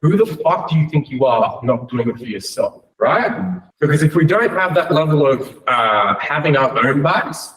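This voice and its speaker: A man's voice: fairly high pitch, lively intonation, moderate pace, few pauses, fairly bright tone. A man coaching a room of people, talking bluntly with lots of swearing and frequent "right?" and "like". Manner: blunt and profane, many "right?" and "like". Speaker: business coach. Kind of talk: motivational talk to a room. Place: room with an audience. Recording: echoey room, mic at a distance.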